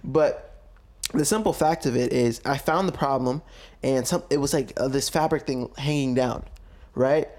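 A man's voice: mid-range voice, normal speed, darkish tone. A young man co-hosting a podcast, joking and laughing often in casual, profane chat. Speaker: podcast co-host.

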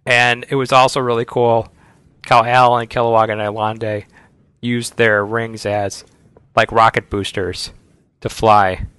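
A man's voice: fairly low pitch, flat delivery, a little slow, fairly bright tone, smooth, no room sound. A man co-hosting a casual podcast chat, an enthusiastic fan who breaks into playful sound effects. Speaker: podcast co-host.

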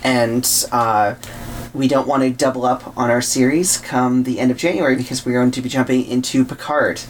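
A man hosting a casual podcast chat, easygoing and laid back, often filling pauses with ums and yeahs. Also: medium pitch, flat delivery, slight background noise. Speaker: podcast host.

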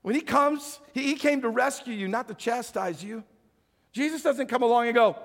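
A male pastor preaching with a high-pitched voice. He moves between loud acted shouting and quiet, low-voiced appeals to the congregation, and his voice carries a long reverb from a large hall. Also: normal speed. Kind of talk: sermon.

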